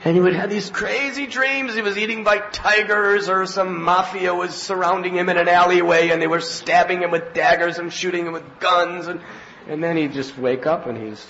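A man giving a devotional spiritual talk as a teacher, telling anecdotes in an animated way and acting out scenes. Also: sits high, moderate pace, a faint crowd, slight background noise. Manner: animated storyteller, acts out scenes with laughs and cries. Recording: slightly muffled lo-fi recording with faint ambience.

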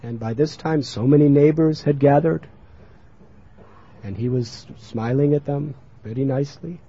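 A man telling a sacred story in a sermon, in an animated, expressive narrating manner, on a muffled lo-fi recording. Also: fairly high pitch, moderate pace, husky. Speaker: religious storyteller.

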